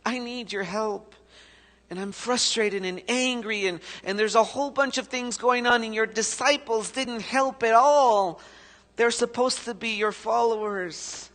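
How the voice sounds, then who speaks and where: A man's voice: very high voice, unhurried, a bit bright, pitched above the performer's own voice. A man playing a desperate father begging for help for his son, his voice raised and strained. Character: desperate pleading father of a sick boy. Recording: echoey church hall.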